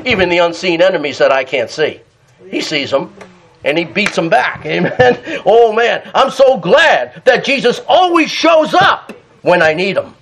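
Male pastor, sermon; emphatic, shouts often, very high voice. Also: gravelly, a little hiss or hum. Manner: fervent, emphatic, breaks into shouts and laughter.

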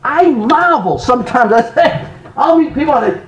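Man, preacher, high voice, very lively swings, loud bursts and soft asides. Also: normal speed, rough recording. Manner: animated preaching, sudden loud rises and soft drops. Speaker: pastor. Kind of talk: sermon.

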